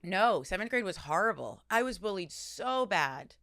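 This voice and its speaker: A middle-aged woman from Staten Island, co-hosting a comedy podcast in an animated, jokey chat. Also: medium pitch, moderate pace, no room sound, clean studio sound. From Staten Island, New York. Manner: animated, jokey, puts on voices in quotes. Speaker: podcast co-host.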